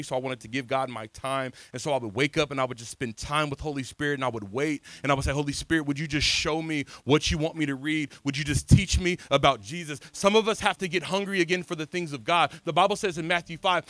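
A man with a slightly high voice shares his personal testimony in a passionate beach sermon outdoors, his volume rising and falling dramatically. The recording has no room sound.

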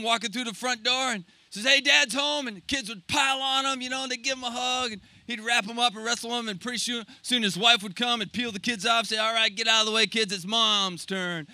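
A man preaching, retelling a scripture story dramatically, swinging between loud and hushed. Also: very high voice, fairly even intonation, fast talker, no room sound. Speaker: pastor.

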